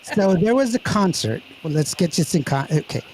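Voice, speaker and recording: A man from Texas chats as a host, telling stories with plenty of laughter. His voice sits somewhat high for a man. Faint ambient noise hums behind him. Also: very animated, moderate pace, darkish tone. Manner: joking, laughs often, storytelling. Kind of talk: casual chat.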